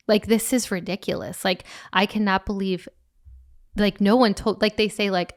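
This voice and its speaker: A woman's voice: mid-range voice, steady tone, moderate pace. A young woman, a podcast guest, tells her personal story in casual talk, emotional and full of fillers.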